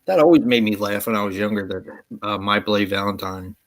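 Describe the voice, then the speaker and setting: A man's voice: a little fast, dry recording. A man chatting as a guest on a podcast, joking and swearing. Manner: jokey, swears, quotes lines in a high put-on voice. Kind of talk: casual chat.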